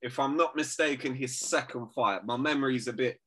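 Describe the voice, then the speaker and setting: A man co-hosting a fight podcast, teasing and swearing freely in casual banter over a remote call. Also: normal speed. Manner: animated, teasing, swears freely, bursts into high laughs. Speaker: podcast co-host.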